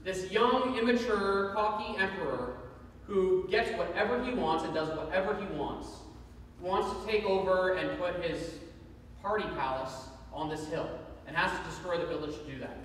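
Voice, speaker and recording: High-voiced preacher in echoey hall. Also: male voice, moderate pace, far from the mic, slight background noise. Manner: earnest, repetitive, emphatic. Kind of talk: sermon.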